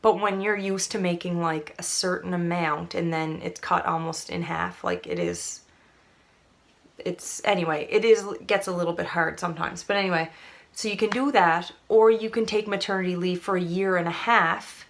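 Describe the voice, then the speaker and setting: A woman's voice: fairly low pitch, steady tone, normal speed, creaky. A young woman from Canada, chatting to camera in a rambling, casual way full of fillers. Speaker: vlogger.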